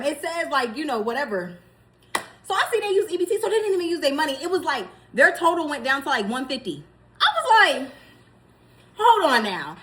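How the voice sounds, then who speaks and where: A young woman vlogger telling a story in a casual, animated way, laughing as she goes. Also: high voice.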